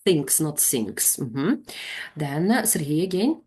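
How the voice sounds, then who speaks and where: Woman, trainer, low pitch, patient corrections. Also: big pitch swings, slow. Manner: calls on students, corrects gently. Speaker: teacher trainer. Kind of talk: online lesson.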